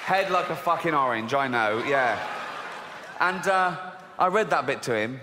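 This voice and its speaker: Sweary, mocking English stand-up comic. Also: male voice, mid-range voice, lively intonation, a little slow, a crowd in the background, noisy background. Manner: mocking, sweary, laughs through his lines. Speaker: stand-up comedian. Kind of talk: live stand-up routine. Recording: big theatre echo with audience.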